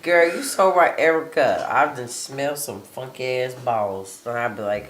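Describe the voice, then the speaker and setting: A woman's voice: extremely low pitch, normal speed. Blunt, profane woman host, echoey room. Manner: blunt, profane, laughing often. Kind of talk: casual chat reading live comments.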